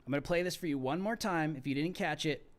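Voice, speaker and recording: A man's voice: on the high side, fast. A man hosting a live political commentary stream, ranting with mocking sarcasm and laughing at his own jokes.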